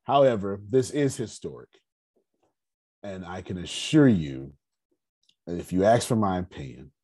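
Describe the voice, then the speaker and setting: A man with a rough, raspy voice hosts a relaxed group discussion. His voice sits low, and he speaks in a measured, emphatic cadence, leaning into each point. The tone stays steady and deliberate. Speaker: host.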